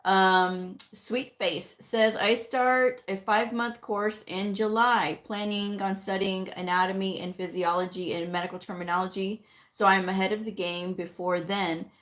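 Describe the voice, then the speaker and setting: A woman's voice: mid-range voice, fairly even intonation, measured pace, few pauses, a bit bright. A middle-aged woman hosting a live stream, casually chatting and reading out and answering viewer comments. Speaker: livestream host answering viewer questions.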